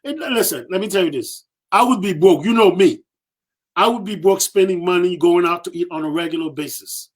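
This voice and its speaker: A man guest on a podcast telling a personal story, lively and repetitive, acting out what others said. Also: high-pitched, brisk. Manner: lively, acts out quoted voices, repeats himself for emphasis. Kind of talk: animated storytelling.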